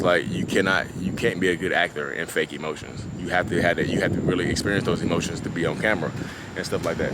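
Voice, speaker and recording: Low-voiced man rambling outdoors by traffic. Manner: rambling and repetitive, with constant "you know what I mean". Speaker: vlogger discussing his own narcissism. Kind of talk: casual unscripted monologue. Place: outdoors at a beach. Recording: outdoor ambience with passing traffic.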